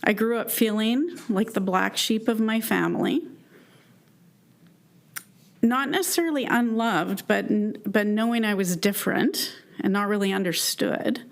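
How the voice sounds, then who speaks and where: Slow, earnest woman telling her story. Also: mid-range voice, creaky. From Canada. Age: 50s. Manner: earnest and emotional, halting with restarts. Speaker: keynote speaker. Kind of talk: personal story talk to a live audience.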